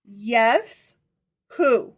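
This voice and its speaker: A woman's voice: on the high side, expressive, extremely slow. A woman co-hosting a casual podcast from her living room, teasing her husband and swearing freely. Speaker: podcast co-host.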